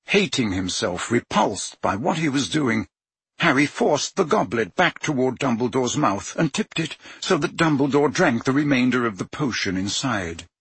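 A man narrating an audiobook in an expressive, unhurried way, acting out the characters' voices. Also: medium pitch, husky, no room sound. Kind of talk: dramatic audiobook reading.

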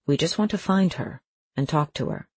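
A narrator voicing a calm, measured female detective. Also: sits low, slightly rough, no room sound, exaggerated voice. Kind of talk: audiobook character voice.

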